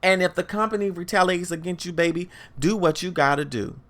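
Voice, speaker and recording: A woman's voice: on the low side, a little fast. A woman hosting a podcast, telling a story in a monologue and speaking emphatically and directly to her listeners. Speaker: podcast host.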